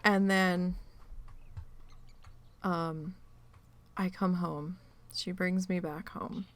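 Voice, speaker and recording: A woman's voice: on the low side, fairly even intonation, drawn-out words, a bit bright. A woman streamer telling a family story in casual chat, swearing freely and acting out quoted voices. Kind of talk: casual storytelling while gaming.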